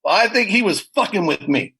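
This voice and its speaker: A middle-aged man, a guest guitarist, chatting casually in an interview and telling stories in an animated, profane way. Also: sits high, fairly quick, breathy edge, low-quality recording.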